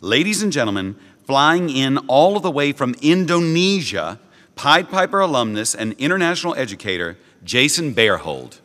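A man's voice: mid-range voice, very animated, pushed and bright. A man introducing the next speaker in a formal, announcing manner as the emcee of a memorial event. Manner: announcing, measured. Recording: echoey theater hall with faint noise.

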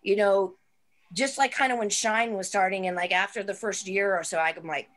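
A woman's voice: mid-range voice, fairly even intonation, normal speed, a bit bright. A woman wrestler, a guest on a talk show, chatting casually and rambling, with many fillers and restarts. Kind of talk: casual chat.

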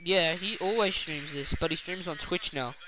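A man's voice: on the high side, moderate pace, background noise. A young man streaming a game, joking crudely, swearing and laughing through casual banter. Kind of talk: casual gaming stream chat.

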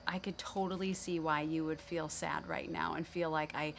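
A woman's voice: sits low, vocal fry, a little hiss or hum. A middle-aged woman giving a candid, earnest faith-based parenting talk as host, telling personal stories.

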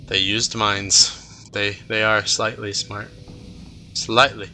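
A man's voice: on the low side, measured pace, bright, forceful tone. A nineteen-year-old man giving goofy, casual commentary while he plays a video game, talking to himself, cheering and groaning. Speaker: let's play gamer.

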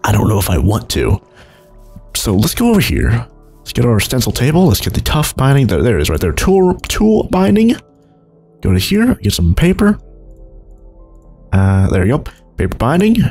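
Young male gaming host, husky low voice with wild pitch swings, chatty and rambling, faint music underneath. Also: a little mellow. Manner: rambling, chuckling, jumps between low mumbles and high exclaims. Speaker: gaming YouTuber. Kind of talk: Minecraft let's play commentary.

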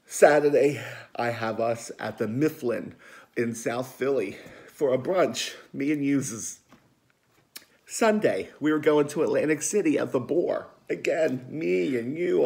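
A man's voice: mid-range voice, vocal fry, a little mellow. A man playing a dramatic, gossipy middle-aged aunt with a Philadelphia accent, rambling and emotional in a comedic monologue. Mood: pleading. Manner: rambling, chatty, emotional, defensive.

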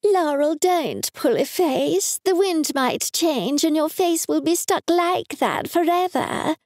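A woman voicing a shrill, scolding middle-aged mother. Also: animated, slow pace, a little mellow, dry recording, clean studio sound, exaggerated voice.

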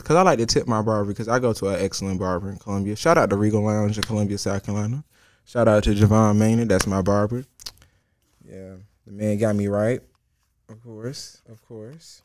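A young man hosting a comedic story time, animated and profane, jumping from loud outbursts to hushed asides. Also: on the low side, moderate pace, dry recording, studio quality. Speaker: host.

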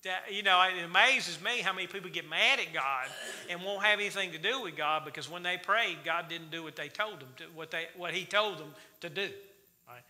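Male church teacher, sharp ringing tone, folksy Bible-study delivery, echoing sanctuary. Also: high-pitched, fairly quick. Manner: folksy, quizzes the congregation with questions. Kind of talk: Wednesday night Bible study sermon. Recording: reverberant church hall.

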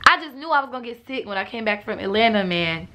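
Young woman, casual vlog chat, husky morning voice, coughing, laughs a lot. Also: a little high, quick pace. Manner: relaxed, chatty, laughs often. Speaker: vlogger. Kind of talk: casual vlog talk to viewers.

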